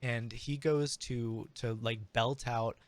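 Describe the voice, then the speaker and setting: A man narrating a tabletop game as game master, animated and full of restarts. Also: mid-range voice, slow pace. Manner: animated, many restarts and fillers.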